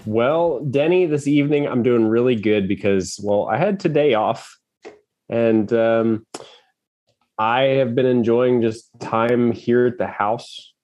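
A man's voice: mid-range voice, slow pace, darkish tone, lo-fi sound, faint music behind. Easygoing male co-host from Florida, home podcast chat. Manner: easygoing, with many ums and uhs. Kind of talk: casual chat.

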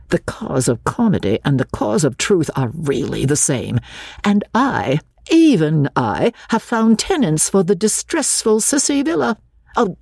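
A woman voicing a charming, teasing young English gentleman with an arch, mock-grand manner. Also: lowish voice, vocal fry, slightly rough, no room sound, pitched above the performer's own voice, full character voice.

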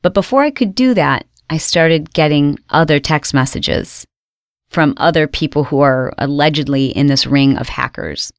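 A woman host telling her own story with dramatic storytelling, reliving her panic with sudden high exclaimed outbursts. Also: normal speed, creaky, no room sound, studio quality. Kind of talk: dramatic first-person storytelling.

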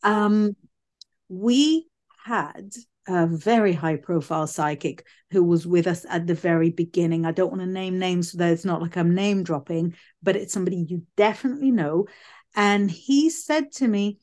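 A woman speaking as a psychic medium guest in a casual interview, chatty and animated, often restarting her sentences. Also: lowish voice, normal speed. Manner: chatty, animated, self-correcting.

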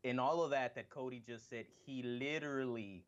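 A man's voice: medium pitch, moderate pace, dull audio. A man co-hosting a casual wrestling podcast, rambling and swearing as he acts out what others said. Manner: rambling, profane, acts out quotes. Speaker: podcast co-host.

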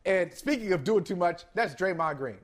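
A man's voice: sits high, animated, normal speed. A man co-hosting a sports talk show, debating emphatically and repeating his points. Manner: emphatic, repeats phrases, acts out quotes.

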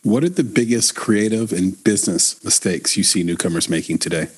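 A man hosting an interview, asking questions in an easygoing, halting way with fillers. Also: on the low side, a little hiss or hum. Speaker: interview host. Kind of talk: conversational interview.

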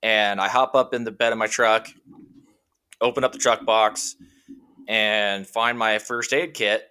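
A man's voice: on the low side, a little slow, clean tone. A man telling a long, rambling personal story in casual conversation, full of fillers like "you know" and "like". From Washington state. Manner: rambling, animated anecdote with many fillers. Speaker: guest.

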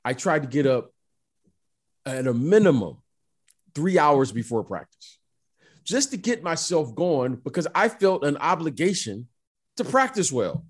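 A middle-aged man telling stories in a casual chat, emphatic and animated, often repeating the listener's name. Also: a little high, a little slow, pauses often, breathy edge. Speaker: former basketball player, guest.

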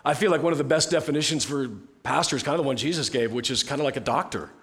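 A man preaching a sermon as pastor in a conversational way, often dropping to a soft, hushed tone. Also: medium pitch, rapid-fire. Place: church sanctuary.

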